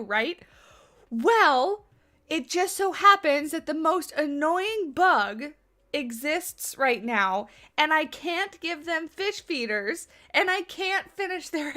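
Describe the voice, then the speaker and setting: A woman's voice: sits high, pushed and bright. A woman hosting a game livestream, chatting casually with her viewers, answering their questions and laughing often. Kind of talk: casual livestream chat while building in a game.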